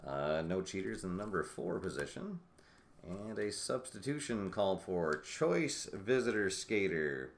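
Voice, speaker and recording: A man giving play-by-play commentary on a tabletop roller derby game he is playing, musing with fillers and sudden bursts of excitement. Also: deep voice, a little slow.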